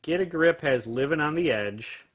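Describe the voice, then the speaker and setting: A man's voice: fairly high pitch, expressive, normal speed. A man in his thirties, a podcaster, chatting casually from his home bar and giving strong opinions with frequent laughs. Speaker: podcaster guest. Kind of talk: casual chat.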